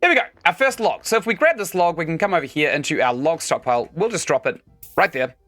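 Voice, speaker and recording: Chatty streamer talking through a game, bright tone, bouncy pitch, faint music behind. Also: expressive, fast. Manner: chatty, explaining game mechanics while playing. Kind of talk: casual let's-play commentary.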